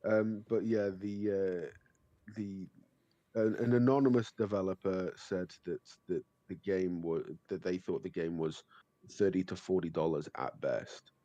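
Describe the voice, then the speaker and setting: A man co-hosting a casual gaming podcast, relaying news in a halting way with many fillers. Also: sits low, mellow, no echo, muffled recording. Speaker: podcast co-host.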